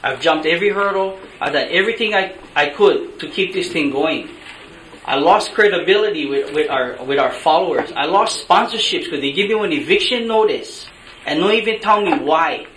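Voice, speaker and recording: A man's voice: on the high side, animated, moderate pace, a bit bright. A man with a Hawaiian Pidgin-tinged accent giving angry, blunt public testimony at a meeting, pleading to be heard. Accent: Hawaiian Pidgin-tinged English. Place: large meeting room. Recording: echoey meeting room, faint hiss.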